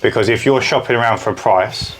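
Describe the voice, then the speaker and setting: A man's voice: medium pitch, brisk. A man, co-hosting a casual podcast chat, blunt and matter-of-fact. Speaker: podcast co-host, window cleaner.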